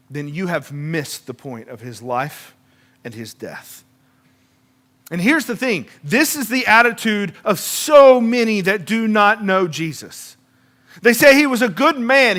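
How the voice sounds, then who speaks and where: A man preaching a sermon in a conversational way, stumbling and repeating words, then dropping to hushed endings after emphatic lines. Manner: conversational preaching with frequent repetitions and restarts; swings from emphatic peaks to hushed low endings. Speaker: pastor.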